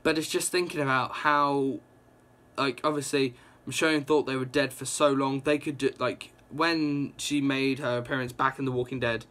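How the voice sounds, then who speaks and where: This is a young man at medium pitch, eagerly summarizing a comic book issue. He rambles in a relaxed way, dropping "like" constantly and reacting quickly.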